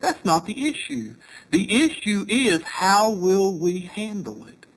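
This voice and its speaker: Lively middle-aged man preaching. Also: high-pitched, takes it slowly, gravelly, rough recording. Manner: storytelling, questioning the audience. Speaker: congregation speaker. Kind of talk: sermon.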